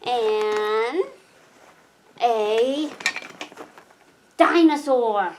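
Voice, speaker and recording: Slow sing-song mother coaxing a toddler. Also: sits high, expressive, fairly bright tone, slight background noise. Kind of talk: playing with a toddler.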